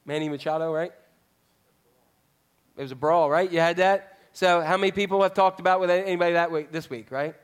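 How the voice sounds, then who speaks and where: A man's voice: fairly high pitch, steady tone, brisk, smooth. A male pastor preaching a sermon in a conversational way, often putting questions to the congregation.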